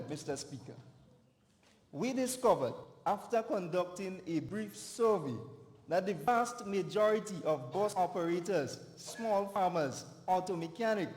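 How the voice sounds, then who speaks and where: Young man, Grenadian accent, high voice, emphatic debate speech, roomy hall with long reverb. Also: darkish tone. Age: young adult. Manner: emphatic, deliberate, stresses words. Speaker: youth parliament opposition member. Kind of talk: formal parliamentary debate speech. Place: large parliament chamber. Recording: echoey chamber with long reverb.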